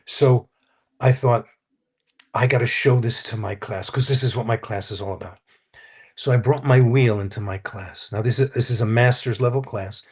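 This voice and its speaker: A man's voice: mid-range voice, normal speed, darkish tone, breathy edge. A man, a Christian counselor, earnestly telling his personal testimony in a conversational interview. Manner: earnest, anecdotal, quotes others as he tells the story.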